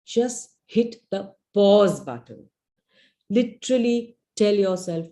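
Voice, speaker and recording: A woman's voice: mid-range voice, lively intonation, very slow, gravelly, pauses often, warm tone. A middle-aged woman teaching a live webinar as a parenting coach. She talks earnestly, guides listeners through a visualization, and often checks in with "you know" and "right?".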